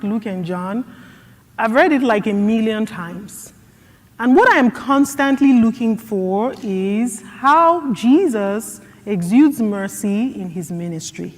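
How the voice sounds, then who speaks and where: Earnest woman speaking slowly in a hall. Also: a little high. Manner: earnest, storytelling with lively quoted asides. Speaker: guest speaker. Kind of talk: conference Q&A answer. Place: conference hall. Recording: hall reverb.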